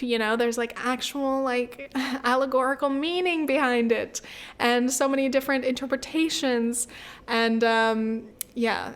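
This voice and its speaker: A woman's voice: on the high side, fairly bright tone, smooth. A woman in her twenties hosting her own podcast, chatting casually, swearing freely and filling her talk with "like" and "um". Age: 20s. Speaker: podcast host. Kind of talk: casual solo podcast chat.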